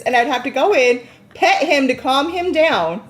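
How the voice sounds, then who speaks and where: A woman co-hosting a live crystal show, telling stories in animated casual chat. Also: high voice, normal speed. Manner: animated storyteller, laughs often.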